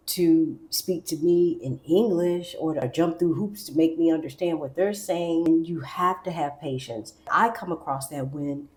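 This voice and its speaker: A woman from the United States talking casually to camera in a chatty, animated way, acting out little quoted asides. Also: sits low, reverberant. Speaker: vlogger.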